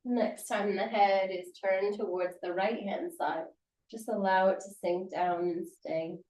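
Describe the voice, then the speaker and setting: A woman teaching a yoga class, giving calm, encouraging, unhurried cues through the movements and breaths. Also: medium pitch, slight background noise. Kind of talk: guided yoga class instruction. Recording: roomy sound from a distance.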